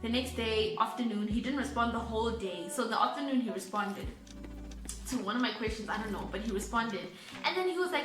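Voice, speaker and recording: A young South African woman telling a story on her vlog, animated and giggly, laughing often. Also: a little high, brisk, roomy sound, over music. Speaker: YouTuber.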